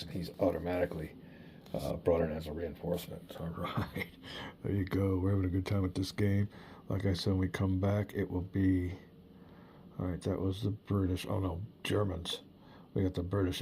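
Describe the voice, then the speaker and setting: A middle-aged man talks through a tabletop wargame on his own, calling out dice rolls and moves in a relaxed, chatty way. His voice sits very low with a gravelly rasp, and a faint hiss runs under the recording. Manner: relaxed, chatty, thinks aloud while rolling dice. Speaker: board game player and channel host. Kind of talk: solo wargame playthrough commentary.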